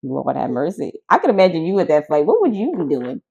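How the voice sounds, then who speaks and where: A woman co-hosting a podcast, chatting casually and acting out a story with lively voices. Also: sits low, quick pace, creaky, slight background noise. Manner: animated storyteller, acts out voices. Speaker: podcast co-host. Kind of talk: casual chat.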